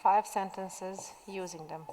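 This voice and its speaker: Slow, patient woman teacher in echoey classroom. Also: medium pitch, fairly even intonation, mellow, slight background noise. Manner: slow, patient dictation to young pupils. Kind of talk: recorded remote spelling lesson. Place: classroom at school.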